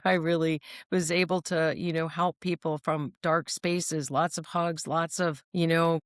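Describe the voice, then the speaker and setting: A woman's voice: low-pitched, no room sound, studio quality. A woman speaking on mental health, telling personal stories in an earnest, emphatic way and often checking in with her listener. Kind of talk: personal storytelling monologue.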